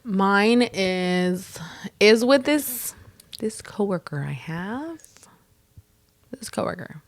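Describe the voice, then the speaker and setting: A woman's voice: medium pitch, expressive, takes it slowly, no echo. A young woman co-hosting a podcast, telling a workplace story in casual chat, acting out quotes and swearing freely. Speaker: podcast co-host.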